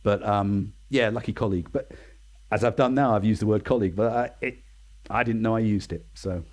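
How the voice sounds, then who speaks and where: An Englishman in his sixties, guesting in a relaxed interview, tells chatty, self-deprecating stories and acts out the people he quotes. His voice is fairly low, fairly quick, and a little mellow.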